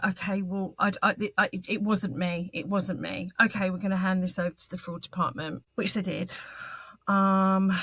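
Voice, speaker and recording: A woman, telling her own story as an interview guest in a halting, earnest way, with frequent ums and restarts. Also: mid-range voice, fairly bright tone, no room sound. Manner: earnest and candid. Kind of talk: personal testimony in an interview.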